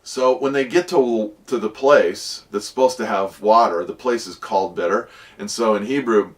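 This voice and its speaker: Low-voiced man teaching a lively Bible lesson. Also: moderate pace, recorded from a distance. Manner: lively storytelling, acting out voices of characters.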